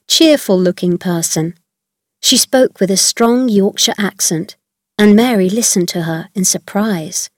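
A woman narrates a children's storybook in an even, measured way, every word placed clearly. The recording is very dry and close, with no room sound at all. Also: medium pitch, no echo.

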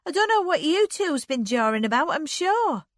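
A woman reading a story aloud, voicing a young girl who scolds sharply and loudly. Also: high-pitched, big pitch swings, normal speed, dry recording, studio quality, voice pushed up. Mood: scolding.

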